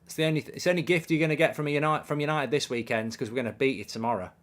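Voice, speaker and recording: Excitable man hosting a watchalong. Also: medium pitch, rapid-fire. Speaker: host of a football watchalong stream. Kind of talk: live reactive football chat, reading viewer comments.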